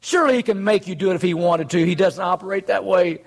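A man's voice: sits high, fast, creaky. A man preaching a sermon in an earnest, conversational way, full of rhetorical questions.

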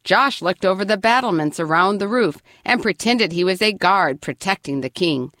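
Woman storyteller, children's book, animated pitch, dry close read. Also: normal speed, no room sound. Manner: expressive, lively reading.

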